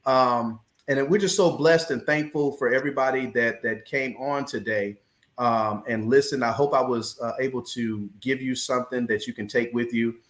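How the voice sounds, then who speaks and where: Preaching pastor guest in an echoey room. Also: male voice, mid-range voice, fairly even intonation, moderate pace. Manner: preacherly, building passion, repeats key phrases. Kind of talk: preaching in a podcast interview.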